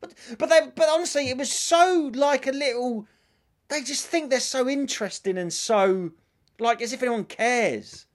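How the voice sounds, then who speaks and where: A man's voice: very high voice, normal speed. A man co-hosting a casual comedy chat, ranting and swearing with mocking impressions of people. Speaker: podcast co-host.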